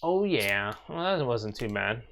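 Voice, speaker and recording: A man's voice: medium pitch, sing-song, a little slow, gravelly, a bit bright. Young guy rambling on his home live stream, lots of ums, talks to chat. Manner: rambling, filler-heavy, chatty with viewers.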